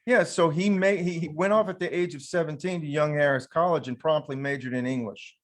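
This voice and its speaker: A man, a pastor hosting a casual panel discussion, telling stories in an animated way. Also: a little high, fairly quick.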